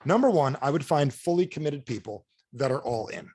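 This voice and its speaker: A man's voice: mid-range voice, lively intonation, a little fast, a little mellow, slightly rough, no room sound. A man giving a motivational talk on a video call, pressing his points with repeated rhetorical questions. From United States. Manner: punchy, repetitive rhetorical questions. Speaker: motivational speaker. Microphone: close mic on a video call.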